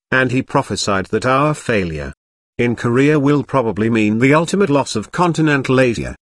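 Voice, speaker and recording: A man reading a history audiobook aloud in a measured, even narration. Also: mid-range voice, no echo, studio quality.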